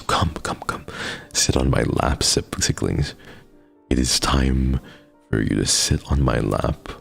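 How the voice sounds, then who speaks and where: A man's voice: very deep voice, gravelly, slightly rough. A man streaming live in casual chat, talking to his viewers in an affectionate, encouraging pep-talk way. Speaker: livestreamer.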